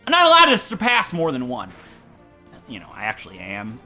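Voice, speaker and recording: Bright, animated male gamer. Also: mid-range voice, a little fast, soft background music. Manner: animated, self-mocking, rambling. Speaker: gaming channel host. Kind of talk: let's play commentary with storytelling.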